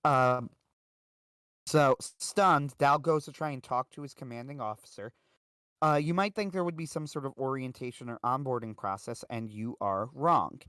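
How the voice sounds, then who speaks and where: Speaking at normal speed, this livestream host rambles through a story, leaning heavily on fillers like "uh" and "like." His medium-pitched voice is animated, clear, and resonant with a fairly bright tone, captured in clean studio sound without any room noise.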